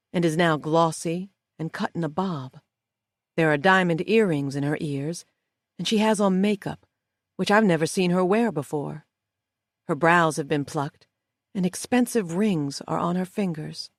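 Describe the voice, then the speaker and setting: Casting: measured female audiobook narrator, slightly low voice, dry close recording. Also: no room sound. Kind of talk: first-person thriller narration.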